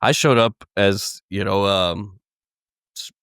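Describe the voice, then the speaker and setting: A man's voice: lowish voice, slow pace, fairly bright tone, clean tone, no room sound, studio quality. A man hosting a podcast, talking loosely and rambling in casual chat, laughing often. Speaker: podcast host.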